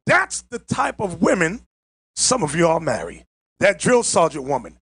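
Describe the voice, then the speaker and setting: A man preaching a fiery Bible lesson, emphatic and mocking, often raising his voice to a shout. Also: fairly high pitch, huge pitch swings, unhurried, husky, dry recording. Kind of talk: fiery street-style Bible teaching.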